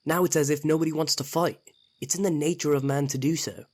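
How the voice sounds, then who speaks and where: A man's voice: on the high side, fairly even intonation, fast talker, close to an everyday voice. A man voicing a stern middle-aged army commander in a cartoon, authoritative and tired. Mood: weary. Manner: authoritative, weary, curt.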